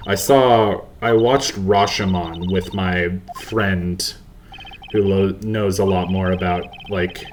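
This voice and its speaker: A man's voice: sits low, a little mellow, a little hiss or hum. Rambling man narrating a game playthrough. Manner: rambling, self-deprecating, full of fillers and asides. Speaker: let's play host. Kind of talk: casual gameplay commentary. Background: faint game music.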